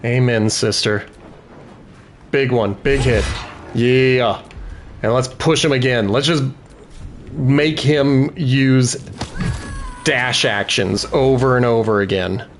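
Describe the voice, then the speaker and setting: A man with a mid-pitched voice talks at an easy, slow pace while playing a game. He thinks through each tactical choice aloud and cheers on his party members between turns. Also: steady tone, a little hiss or hum. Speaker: gaming video host. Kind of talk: let's-play commentary.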